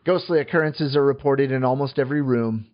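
A man co-hosting a casual podcast chat, halting through many fillers and tossing in joking asides. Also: medium pitch, lo-fi sound. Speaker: podcast co-host.

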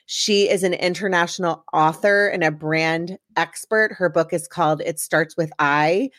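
A woman's voice: fairly low pitch, a little slow, fairly bright tone, no room sound, studio quality. A woman hosting a podcast, chatting casually and rambling with restarts. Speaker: podcast host. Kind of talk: casual chat.

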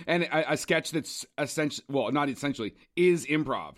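A man's voice: on the high side, lively intonation, a little fast. A man co-hosting a casual podcast, rambling and restarting his words. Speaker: podcast co-host. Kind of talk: casual chat. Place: Cambridge, Ontario.

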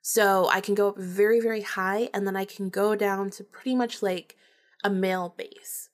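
Breathy young woman telling a story casually. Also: mid-range voice, steady tone, moderate pace. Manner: chatty, laughs often, swears casually. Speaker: podcast host.

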